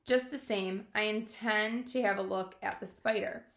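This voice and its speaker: A woman reading aloud as a skeptical farm wife, raising her voice higher, in a roomy-sounding recording. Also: steady tone, vocal fry, fairly bright tone. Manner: skeptical, brisk. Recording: roomy echo.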